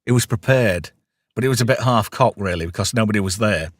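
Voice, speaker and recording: This podcast host speaks in a lowish voice at a quick pace, recorded with no room sound. Chatting casually about a film, he recaps the story with lively quoted dialogue and plenty of laughter.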